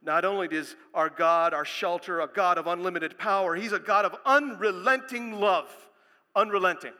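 A man preaching a sermon as pastor, speaking emphatically and building to loud proclamations. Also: high-pitched, moderate pace, big-room sound.

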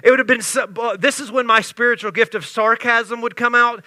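A male pastor preaching a sermon, with sarcastic asides that build into loud, animated bursts. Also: very high voice, a little fast, few pauses, no room sound.

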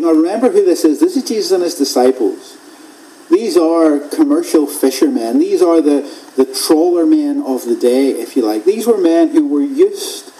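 A man preaching an expository sermon in a measured way, repeating phrases for emphasis and dropping to a hush at key points. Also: a little high, poor audio.

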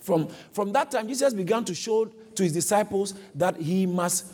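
A man delivers a sermon in a high, somewhat husky voice. He is animated and acts out the voices in the passages he quotes. He often stops to correct himself mid-sentence. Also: moderate pace. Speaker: preacher.

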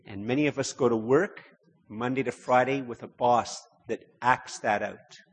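A man's voice: medium pitch, fairly even intonation, normal speed, slightly rough. A man preaching a sermon in a conversational way, often repeating words and rising to emphatic stretches. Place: church. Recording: long hall reverb.

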